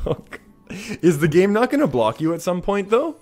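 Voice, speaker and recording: A man's voice: sits high, wildly swooping pitch, a little slow, long pauses, darkish tone. A young Canadian man streaming live, chatting through his gameplay, laughing often and answering viewers' messages. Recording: faint music behind.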